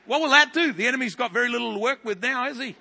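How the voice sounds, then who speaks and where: Bright-voiced New Zealand pastor preaching. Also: male voice, very high-pitched, racing, gravelly, a little hiss or hum. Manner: animated storytelling with big loud rises. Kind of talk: sermon. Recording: long hall reverb.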